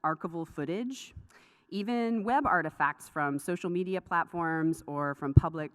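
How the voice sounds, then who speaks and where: A woman's voice: lowish voice, measured pace, fairly bright tone, clear, resonant tone. A woman giving a craft lecture at a conference, chatty and prone to laughing asides. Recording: lecture hall with long reverb.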